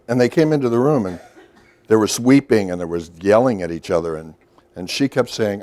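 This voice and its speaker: A man's voice: fairly low pitch, expressive, moderate pace, long pauses, darkish tone. A middle-aged man giving a workshop lecture in a loose, storytelling way, with asides and questions to the audience. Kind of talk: recorded lecture to a professional audience.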